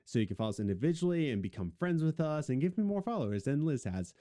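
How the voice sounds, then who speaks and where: A man's voice: on the high side, sing-song, quick pace, dark tone. A young adult man co-hosting a podcast in casual, rambling chat, with a jokey, self-mocking way of talking. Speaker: podcast co-host.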